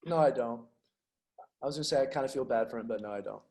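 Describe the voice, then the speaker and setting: A man's voice: mid-range voice, quick pace, darkish tone. A young man co-hosting a podcast in casual chat, agreeable and chuckling. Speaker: podcast co-host.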